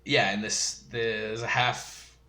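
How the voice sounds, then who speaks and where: This show reviewer's voice is fairly low and sharp-toned, his delivery flat and slow. He rambles through a casual episode recap with fillers and chuckling asides, and the room adds a noticeable echo.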